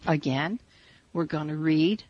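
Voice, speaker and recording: A woman teaching a spiritual meditation, guiding listeners in slow, measured, soothing instructions. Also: low voice, dry recording. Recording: dull lo-fi recording.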